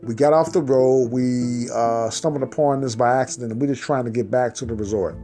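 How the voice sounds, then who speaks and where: A man's voice: mid-range voice, brisk, mellow, soft background music, natural voice. A man voicing a nervous, lost male tourist who hesitates and stumbles over his explanation. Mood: explaining. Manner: hesitant, stammering.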